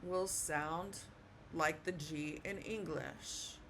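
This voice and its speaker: A woman teaching Spanish pronunciation in a slow, patient classroom manner, repeating words and checking in with "okay?". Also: deep voice, steady tone, a bit bright, a little hiss or hum.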